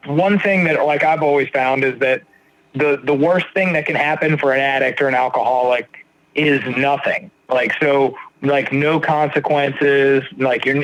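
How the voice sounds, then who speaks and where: Male podcast host, somewhat high voice, casual joker, loose questioner. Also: fairly bright tone, low-quality recording. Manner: friendly, joking, filler-heavy questions. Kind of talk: casual interview talk.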